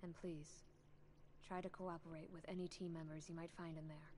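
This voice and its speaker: An actress playing a guarded female agent briefing a detective in a video game, calm and businesslike. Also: low voice, normal speed, slight background noise, natural voice. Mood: urging. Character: cool, guarded female agency handler.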